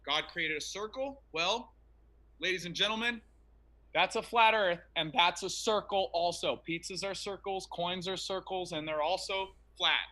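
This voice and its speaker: A man's voice: high voice, moderate pace, sharp tone, low-quality recording. A man in an online debate, talking in an emphatic, preachy way over a remote call.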